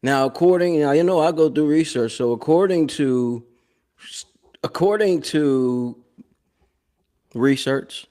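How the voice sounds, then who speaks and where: A man, hosting a live show with a casual, animated commentary monologue that repeats phrases and laughs often. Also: on the high side, slow pace, pauses often.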